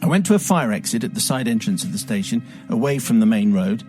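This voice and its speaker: A man's voice: on the low side, lively intonation, quick pace, mellow, faint music behind. A man hosting a radio show, reading a listener's letter aloud with wry, dramatic storytelling. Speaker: radio host.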